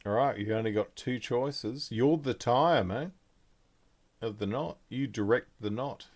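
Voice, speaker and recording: A man's voice: medium pitch, measured pace. A man narrating a tabletop game as game master, describing scenes hesitantly with many fillers.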